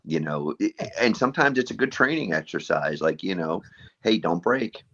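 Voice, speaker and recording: A man with an extremely low, husky voice hosting a relaxed wrestling chat, agreeing easily and circling back on his words. The sound is somewhat dull and lo-fi. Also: moderate pace. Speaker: podcast host. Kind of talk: casual interview chat.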